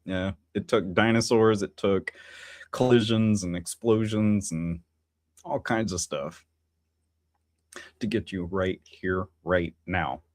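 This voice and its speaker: Slow and low, with a darkish tone and no echo, a man hosts a casual livestream on his own. He rambles in a philosophical, musing way, with many fillers and restarts and chatty asides to his viewers.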